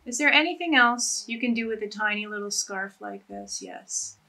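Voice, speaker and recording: With a medium-pitched, expressive voice and a sharp tone, a woman moves at a moderate pace through scarf-tying demonstrations. The fashion vlogger keeps it casual and enthusiastic, laughing at herself along the way.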